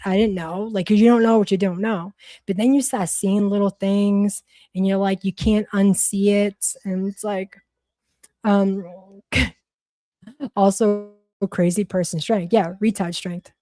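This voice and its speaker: Hosting a casual livestream, a woman from Massachusetts with a Boston accent chats bluntly and profanely, rambling and restarting often. Her voice is medium in pitch and warm in tone, with no echo.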